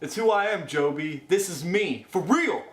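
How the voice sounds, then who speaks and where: A man plays a cocky young bro who wishes he were a New Jersey reality star, laying on a clumsy fake Jersey accent and thick slang. His voice sits a little high and bounces around an echoey room. It sounds like a comedy sketch. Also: lively intonation, moderate pace.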